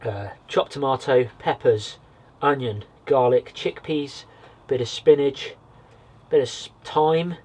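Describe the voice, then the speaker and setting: A man from Britain vlogging from a small wood cabin with a stove, chatting in a relaxed way and talking straight to his viewers. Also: medium pitch, slow pace. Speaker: outdoors vlogger. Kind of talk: casual vlog to camera.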